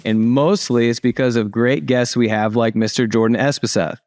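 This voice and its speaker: A man's voice: mid-range voice, steady tone, normal speed, darkish tone, no room sound, clean studio sound, faint music behind. Upbeat chatty male podcast host. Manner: upbeat, chatty, restarts mid-sentence. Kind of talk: interview podcast.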